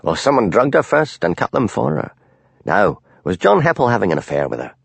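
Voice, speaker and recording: A man voicing a male Highland village police constable who asks dry, probing questions. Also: sing-song, a little fast, vocal fry, breathy edge, no echo, exaggerated voice.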